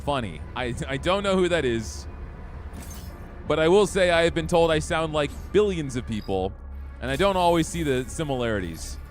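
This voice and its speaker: A man's voice: on the high side, animated, moderate pace, faint music behind. A young man streaming a game, chatting casually and easygoing with his viewers. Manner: easygoing, chatty, talks to chat. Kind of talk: casual gameplay chat.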